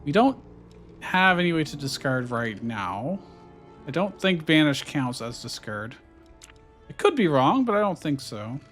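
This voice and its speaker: A man's voice: fairly high pitch, sing-song, unhurried, a bit bright, soft background music. A man giving casual let's-play commentary, thinking aloud and musing over his choices with fillers. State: hiccuping. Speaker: gameplay streamer.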